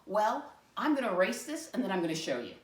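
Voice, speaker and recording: A woman's voice: medium pitch, very animated, quick pace. A woman teaching young children, asking patient, sing-song questions. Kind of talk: classroom lesson for young children. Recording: echoey room, mic far off.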